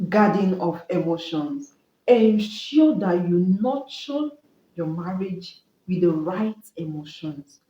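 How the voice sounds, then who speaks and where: Woman, mid pitch, earnest marriage-advice teacher, repeats key points, roomy dull recording. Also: warm tone. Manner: earnest, repetitive preaching cadence. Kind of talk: Christian relationship teaching.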